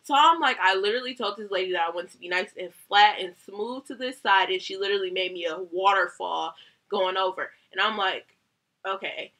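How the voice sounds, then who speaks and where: Bright-voiced woman telling a heated storytime. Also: mid-range voice, brisk. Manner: heated, swearing, animated retelling. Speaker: hairstylist vlogger. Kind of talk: casual storytime rant.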